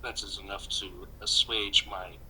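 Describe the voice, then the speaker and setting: A man's voice: fairly low pitch, little pitch movement, unhurried, sharp tone, a little hiss or hum, poor audio. Formal, dry-witted man at the table. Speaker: player. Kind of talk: in-character tabletop play.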